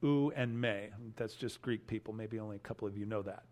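A man preaching an expository sermon, emphatic, repeating key phrases and swinging between loud stresses and quiet asides. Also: fairly low pitch, fairly quick. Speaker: pastor.

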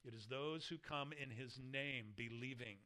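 A man's voice: medium pitch, measured pace, bright, forceful tone. A man preaching a sermon, explaining scripture verse by verse and reading passages aloud with earnest emphasis. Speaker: pastor.

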